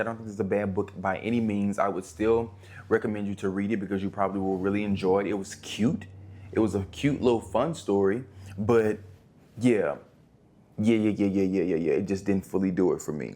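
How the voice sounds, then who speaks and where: A man's voice: on the low side, brisk, darkish tone. A young man casually reviewing books, chatty and rambling, full of slang. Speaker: book reviewer. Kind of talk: casual book review vlog.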